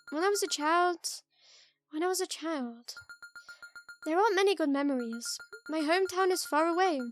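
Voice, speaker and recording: Woman reading as a quiet eerie murder suspect. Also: extremely high pitch. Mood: reflective. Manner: soft, quiet, hesitant delivery. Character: soft-spoken young woman murder suspect, eerie and gentle. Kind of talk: reading a visual novel aloud.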